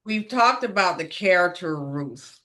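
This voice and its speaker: Bright, playful woman co-host. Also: lowish voice, expressive, a little slow. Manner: playful, joking asides. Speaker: ministry podcast co-host. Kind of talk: casual chat.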